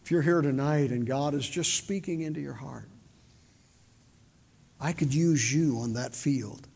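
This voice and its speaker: An older man giving a sermon with folksy storytelling, shifting from loud emphasis to quiet, intimate moments. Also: mid-range voice, unhurried, creaky, husky. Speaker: preacher. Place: large church hall. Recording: reverberant church hall.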